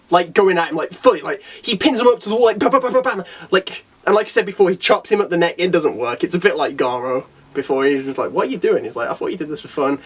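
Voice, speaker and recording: A man chatting excitedly about a comic chapter, laughing often and briefly acting out the characters' lines. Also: high-pitched, distant mic. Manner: animated, laughs often, quotes characters in little voices. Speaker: anime reviewer. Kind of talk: excited casual chat.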